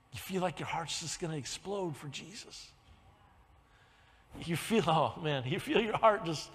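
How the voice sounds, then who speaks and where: A male pastor preaching a sermon in a church, telling his own conversion story, dropping to a hushed near-whisper and then rising to loud preaching. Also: sits high, big-room sound. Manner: swings between hushed confession and loud preaching. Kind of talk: sermon with personal testimony. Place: church sanctuary.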